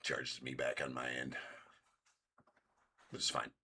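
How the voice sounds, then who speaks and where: Deep-voiced, bright man rambling. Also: monotone, slow pace, gravelly, slightly rough. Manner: rambling, reenacts arguments in raised voice. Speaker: card break host. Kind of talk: casual livestream chat.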